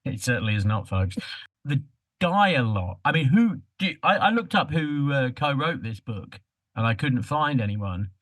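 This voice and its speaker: Male podcast co-host, mid-pitched, joking and irreverent, cheerfully crude, dry close mic. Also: sing-song, normal speed, fairly bright tone, dry recording. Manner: playful, teasing, swears freely. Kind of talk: casual podcast chat.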